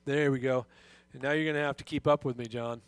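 A man's voice: medium pitch, fairly even intonation, quick pace, clean tone, no room sound. A middle-aged man preaching a sermon as pastor, often restarting his sentences and reading scripture with rising emphasis.

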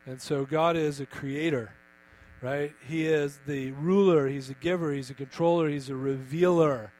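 A man's voice: on the high side, steady tone, moderate pace, a little mellow, low-quality recording. Emphatic man preaching over mains hum. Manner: emphatic, asks the congregation questions. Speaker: pastor. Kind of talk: sermon.

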